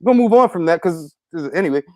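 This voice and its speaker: A male host, asking questions and chatting casually in an animated, slangy way with a lot of swearing. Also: high voice, fast talker, dry recording. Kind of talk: casual interview chat.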